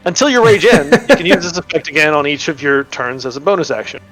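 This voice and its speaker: A man's voice: a little high, quick pace, fairly bright tone, faint music behind. A man playing a tabletop role-playing game, narrating his character's actions in a rambling way, with many restarts and laughs. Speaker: player.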